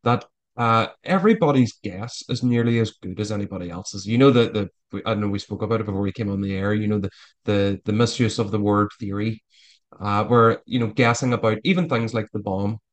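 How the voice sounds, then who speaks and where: A man's voice: fairly low pitch, a little fast. A man talking as a guest in a casual interview, rambling with frequent stammered restarts. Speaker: author guest.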